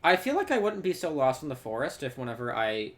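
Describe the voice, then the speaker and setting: A man's voice: mid-range voice, very animated, quick pace. A man from Texas giving casual, rambling reaction commentary, laughing and swearing often. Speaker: reaction video creator.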